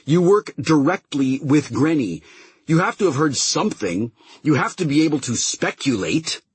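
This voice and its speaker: A man voicing a fierce, profane woman captain who snaps and threatens, with a husky voice. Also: on the high side, very animated, normal speed, dry recording, voice pushed up, exaggerated voice. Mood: angry. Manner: snarling, sharp, swears constantly.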